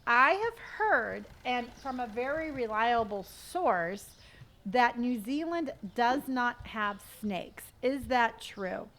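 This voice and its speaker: A woman's voice: fairly high pitch, animated, slow, fairly bright tone. A middle-aged woman chatting casually on a live stream while she plays, reading viewer comments aloud and humming to herself. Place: at home.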